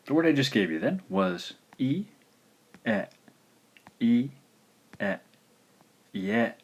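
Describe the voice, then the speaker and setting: A man narrates a recorded lesson in a somewhat low voice. He sounds out syllables slowly and deliberately, repeating each one, and fills pauses with "uh" as he explains. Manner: slow, careful pronunciation drills with frequent "uh" fillers. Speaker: language teacher.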